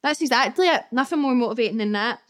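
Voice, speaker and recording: A young woman with a slightly high voice hosts a solo podcast from home. She talks in a candid, chatty way, swearing now and then as she reacts to comments from her listeners. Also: fast. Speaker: podcast host. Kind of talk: casual solo podcast chat. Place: her flat, indoors.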